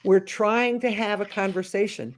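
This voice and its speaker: Woman consultant telling stories, acts out the scenes, lots of restarts, mid pitch. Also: normal speed. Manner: animated storyteller, slips into voices of the people she describes; frequent restarts and thinking aloud. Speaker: memory care consultant, guest. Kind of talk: interview answers with acted-out anecdotes.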